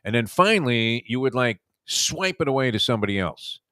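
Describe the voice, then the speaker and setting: His mid-range voice is sing-song, brisk, and sharp-toned as this Brooklyn, New York native hosts casual sports talk. He wanders through long stories from the past, a rambling, reminiscing storyteller. The recording is dry and studio quality.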